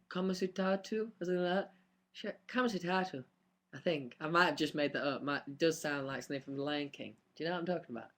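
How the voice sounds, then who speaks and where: A man's voice: mid-range voice, fairly bright tone. A young man, chatting casually on a live stream and answering fan questions with lots of ums and laughs. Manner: chatty, rambling, laughs often, many ums.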